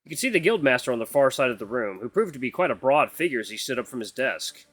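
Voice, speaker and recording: Animated man reading a visual novel. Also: medium pitch, fast talker, hardly any pauses, no room sound, faint music behind. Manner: animated, playful asides.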